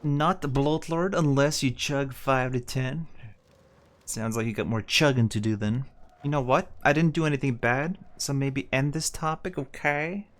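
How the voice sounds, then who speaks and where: A man streaming a game, reading dialogue and answering chat with dry, soft-spoken banter. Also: medium pitch, normal speed. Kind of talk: live stream commentary and chat replies.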